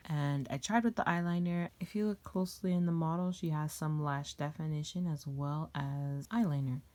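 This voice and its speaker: A woman casually talking through her drawing process, chatty and sometimes dropping to a soft near-whisper. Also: low voice. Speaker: art vlogger. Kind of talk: casual narrated drawing tutorial.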